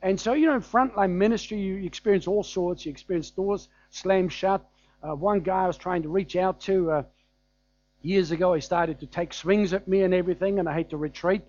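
A man's voice: sits high, fairly quick, a little mellow, lo-fi sound. A man with a German accent preaching a sermon in a conversational, anecdotal way, with frequent fillers and chuckles.

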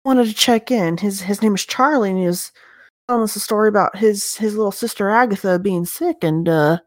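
A woman's voice: medium pitch, a little fast, no room sound, clean studio sound. A woman playing a tabletop game, talking in a hesitant, polite way with many restarts. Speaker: player. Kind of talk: casual tabletop play.

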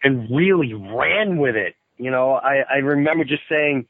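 A man guesting on a podcast by phone, telling a story in a lively way and acting out the voices of the people he quotes. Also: medium pitch, unhurried, breathy edge, dry recording. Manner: animated storyteller who acts out quoted voices. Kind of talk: casual phone interview. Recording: tinny phone line, dry.

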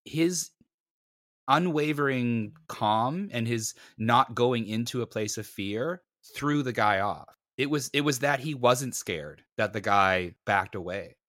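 A man's voice: medium pitch, slow pace, no room sound, clean studio sound. A man co-hosting a podcast, telling a story in casual chat and acting out the voices of the people in it with a self-mocking manner. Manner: animated, acts out voices in anecdotes, self-mocking. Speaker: podcast co-host.

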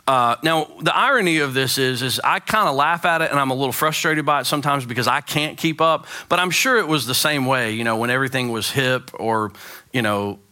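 A man in his forties, a pastor giving a sermon with animated, joking storytelling. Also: mid-range voice, brisk. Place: church sanctuary.

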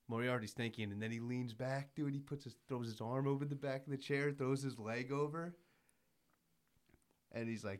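A man's voice: medium pitch, moderate pace. A young man in casual podcast chat, eagerly retelling scenes and acting out the characters' lines. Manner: excitable, acts out quotes, swears casually. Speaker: podcast co-host. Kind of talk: casual anime recap chat.

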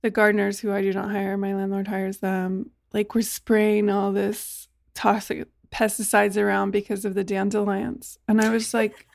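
A woman talking casually, animated and full of "like", acting out what she said to others. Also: normal speed, gravelly, hardly any pauses, no echo. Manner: animated, acts out quoted exchanges in a higher voice, frequent "like". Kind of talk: casual conversation.

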